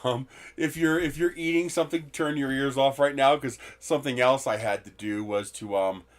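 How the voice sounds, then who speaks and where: A man's voice: medium pitch, moderate pace. A man hosting a live stream, chatting candidly and rambling from topic to topic, with the occasional swear. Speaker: livestream host. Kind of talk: casual live-stream chat.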